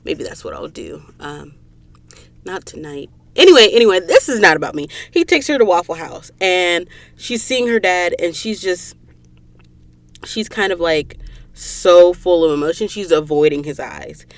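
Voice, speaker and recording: A woman's voice: lowish voice, unhurried. Chatty Southern woman podcaster. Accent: Southern American. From American South. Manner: animated retelling, acting out dialogue with "she's like". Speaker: podcast host. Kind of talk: casual book recap.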